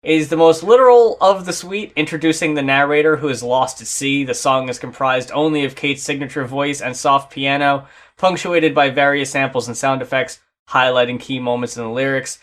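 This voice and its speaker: A man's voice: mid-range voice, steady tone, normal speed, a bit bright. A man co-hosting a casual album reaction talk, enthusiastic and swearing, at times reading notes aloud. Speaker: co-host reviewing albums.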